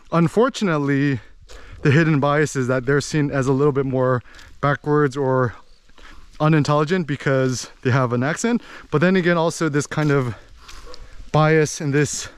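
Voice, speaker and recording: A man's voice: fairly high pitch, clean tone, no room sound. A young man talking casually and playfully, with many fillers, explaining dialect bias. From United States.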